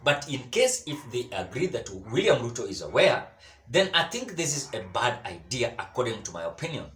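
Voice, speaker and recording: A Kenyan man delivers political commentary in an emphatic way, repeating himself and stumbling over words. His pitch rises and falls a lot. The recording sounds roomy and echoey. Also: big pitch swings, a little fast, fairly bright tone, a little hiss or hum.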